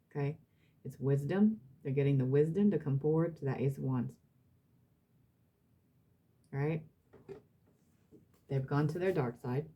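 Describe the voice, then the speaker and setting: A woman's voice: low-pitched, warm tone. A woman reading tarot cards for her audience, emphatic and blunt, repeating herself and swearing now and then. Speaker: tarot reader.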